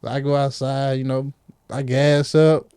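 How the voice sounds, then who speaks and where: A man's voice: medium pitch, level tone, unhurried, warm tone, clean tone, no echo, studio quality. A man, a rapper guest, telling stories in a laid-back, slangy way. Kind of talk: casual interview chat.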